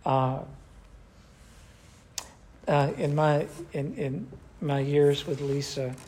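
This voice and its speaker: A man's voice: fairly high pitch, extremely slow, a little mellow, slight background noise. An older man, a pastor, teaching a church class in a conversational way and asking the group questions.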